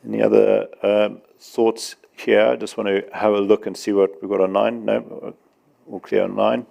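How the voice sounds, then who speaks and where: A man answering audience questions at a conference panel in a measured, explanatory way. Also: on the low side, flat delivery, vocal fry, dark tone. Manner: measured, explanatory, with some restarts.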